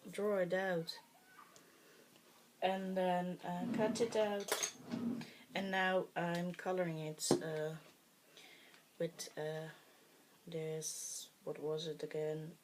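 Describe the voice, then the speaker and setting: A woman's voice: lowish voice, steady tone, takes it slowly, pauses often, a little mellow, a little hiss or hum. A woman whose first language is Dutch, talking through a craft project in a casual, hesitant way with many fillers, muttering to herself as she works. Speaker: craft tutorial host.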